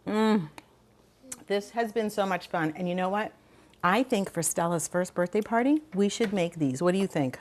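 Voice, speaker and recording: A woman's voice: fairly low pitch, moderate pace. An older woman hosting a cooking show, chatting enthusiastically as she demonstrates a recipe.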